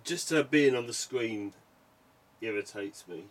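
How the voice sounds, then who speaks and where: A man's voice: medium pitch, unhurried, distant mic. A man, co-hosting a casual chat in a blunt, sweary way. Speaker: podcast co-host.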